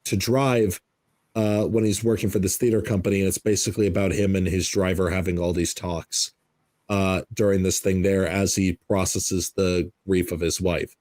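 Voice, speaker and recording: A man's voice: low voice, level tone, moderate pace, a little mellow, dry recording. A man hosting a podcast in casual chat, enthusiastic and swearing freely. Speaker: podcast host.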